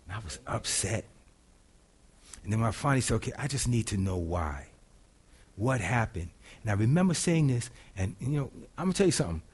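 A middle-aged man preaching a sermon in a casual, folksy way, moving between loud preaching and quiet, hushed storytelling. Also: medium pitch, husky. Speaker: pastor.

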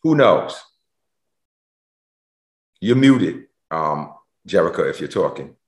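A man's voice: very animated, takes it slowly. Passionate preacher man, echoey room. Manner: emotional, rising to shouts and dropping low. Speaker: pastor. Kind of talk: preaching a sermon on a video call. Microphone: video call.

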